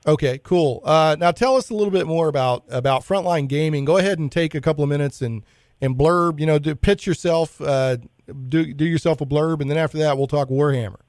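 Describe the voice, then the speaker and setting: A man's voice: fairly high pitch, brisk, darkish tone, no echo. A male radio show host talking in a casual, enthusiastic way, rambling a little and restarting his sentences while he interviews a guest in the studio.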